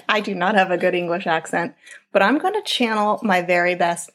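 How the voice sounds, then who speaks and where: A woman co-hosting a podcast, chatting casually, laughing often, and reading a listener's story in a steady voice. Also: lowish voice, normal speed. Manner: giggly, reads steadily.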